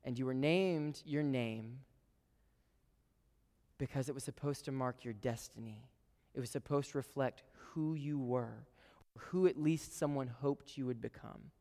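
A man preaching a sermon to a live congregation, conversational and playful, with quick asides to the room. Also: mid-range voice, mellow. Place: church sanctuary with a live congregation. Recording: long reverb of a large hall.

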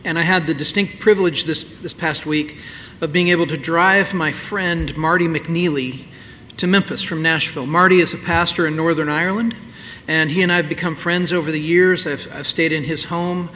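Guy pastor preaching, kinda high bright voice, loose and chatty, long church echo. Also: fairly even intonation, normal speed, a little hiss or hum. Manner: candid, conversational preaching with restarts. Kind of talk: sermon. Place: church sanctuary.

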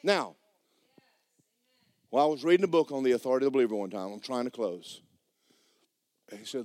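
A man preaching a sermon as pastor, swinging from shouted bursts to low, quiet lines and acting out dialogue. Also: animated, a little fast, long pauses, no echo. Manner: acts out dialogue in dramatized voices. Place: church sanctuary.

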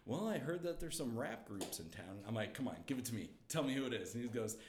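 A young man telling a story as a guest, lively and laughing, acting out the quotes. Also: medium pitch, fast, echoey room, noisy background. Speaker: comedian guest. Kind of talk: animated storytelling.

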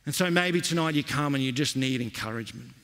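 A man's voice: mid-range voice, lively intonation, quick pace, fairly bright tone, long reverb tail. A male pastor preaching a sermon in an earnest, emphatic way, repeating his key phrases.

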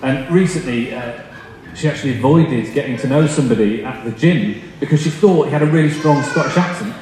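A man's voice: mid-range voice, brisk, a little mellow. Chatty male preacher in an echoey hall. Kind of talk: storytelling sermon. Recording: echoey hall with long reverb, faint noise.

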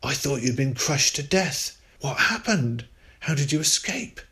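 A frightened farmer shouts out in a raised, strained voice, loud and high with alarm. A man puts him on while reading a storybook aloud. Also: expressive, a little slow. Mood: frantic. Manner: shouting, frantic.

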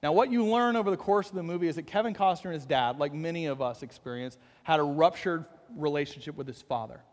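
Male pastor, middle-aged, high-pitched, storytelling sermon, big reverberant room. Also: fast talker. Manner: storytelling, self-deprecating humor, builds to fervent intensity.

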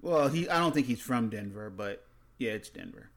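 A man's voice: mid-range voice, lively intonation, normal speed, creaky, a bit bright. A man co-hosting a comedy podcast, reading strange news stories aloud with dry asides. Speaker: podcast co-host. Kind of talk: casual comedic podcast chat.

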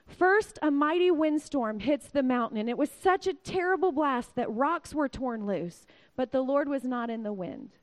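A woman in her forties preaching a sermon, her delivery swinging from loud, excited outbursts down to near-whispers. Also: sits high, normal speed, few pauses.

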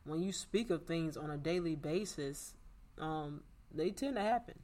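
A man's voice: fairly high pitch, lively intonation, unhurried, a little mellow. A man talking in an earnest, reflective way during a casual conversation about struggle and success.

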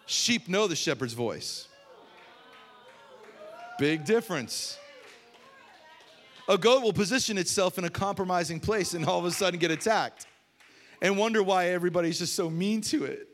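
A man preaching a sermon as a pastor, telling funny stories with sudden loud bursts. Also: moderate pace, long pauses, slight background noise. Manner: storytelling with humor, animated swings from low to loud.

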